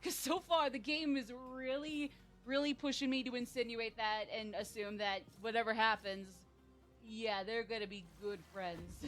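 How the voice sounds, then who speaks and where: A woman's voice: mid-range voice, a bit bright. A woman streaming a video game, chatting casually with rambling asides and frequent laughter.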